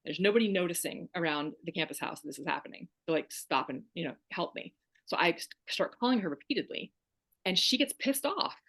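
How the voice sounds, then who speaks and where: A woman speaks as a podcast guest, candid and emphatic, with a dry wry edge. Her voice sits fairly low for a woman. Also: animated, fairly quick, gravelly, a bit bright. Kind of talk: candid personal storytelling.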